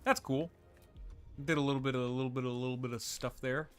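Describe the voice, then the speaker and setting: A man's voice: mid-range voice, steady tone, fast, clear, resonant tone, soft background music. A man streaming a video game live, chatting casually, laughing often and answering viewer questions as he plays. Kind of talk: livestream gameplay commentary and chat replies.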